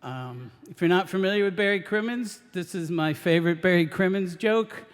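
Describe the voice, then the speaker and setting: A man's voice: sits high, moderate pace, in a large hall. A man doing live stand-up storytelling, hesitant and full of ums, laughing through his lines. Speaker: stand-up comedian. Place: live radio stage before an audience.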